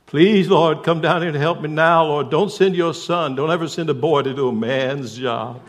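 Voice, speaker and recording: A man's voice: on the high side, moderate pace, in a large hall, close to an everyday voice. A man with a Southern US accent voicing a desperate woman in labor who begs God for help in an urgent, pleading way.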